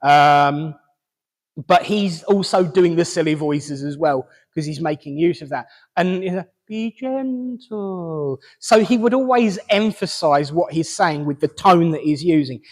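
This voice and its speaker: A fairly high-voiced man leads a mediumship reading at a service, chatty and halting, with fillers and restarts. His voice rings out with a long hall reverb. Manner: chatty, hesitant, relaying messages with fillers and restarts.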